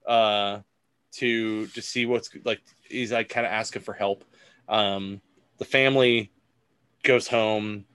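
A man co-hosting a comics podcast, casually retelling a story in a relaxed, rambling way. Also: fairly low pitch, slow, smooth, dry recording. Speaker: podcast co-host. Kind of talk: casual chat.

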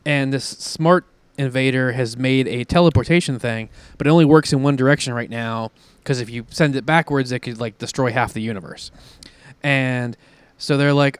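A man's voice: medium pitch, a little fast, smooth, dry recording. A man co-hosting a casual comics show, retelling a plot in a rambling way with frequent laughs. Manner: rambling, laughs often, fillers while retelling plots. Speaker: podcast co-host reviewing comics. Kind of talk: casual chat.

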